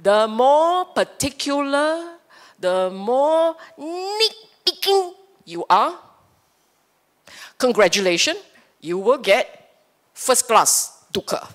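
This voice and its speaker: A woman's voice: high voice, very animated, takes it slowly, pauses often. A woman with a Singaporean English accent teaches a Buddhist Dhamma talk in a playful, teasing way. Her voice rises and falls with lots of expression, and she takes her time between phrases. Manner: playful, teasing, asks the audience for agreement. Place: temple hall.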